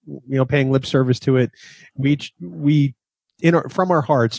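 A man co-hosting a fan podcast, measured and plain-spoken, moving between chat and sponsor notes. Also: mid-range voice, a little mellow, dry recording. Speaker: podcast co-host. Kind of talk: casual chat.

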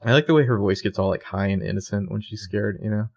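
A man's voice: fairly low pitch, quick pace, darkish tone. A man co-hosting a podcast, casually retelling a TV episode with lots of fillers. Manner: rambling, filler-heavy retelling. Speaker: podcast co-host. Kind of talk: casual TV recap chat.

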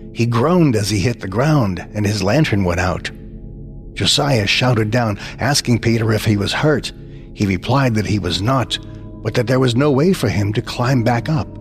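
A man narrating a scripted horror story in the first person, with dramatic storytelling. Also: on the low side.

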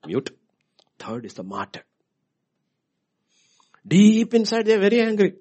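A man preaching a sermon in a dramatic way, swinging from loud outbursts to hushed whispers. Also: lowish voice, breathy edge.

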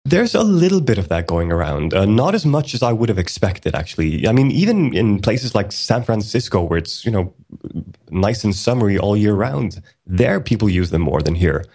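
Podcast co-host, man from Sweden, low voice, halting um-filled chat. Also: very animated, a little mellow, husky. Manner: hesitant, many fillers and restarts.

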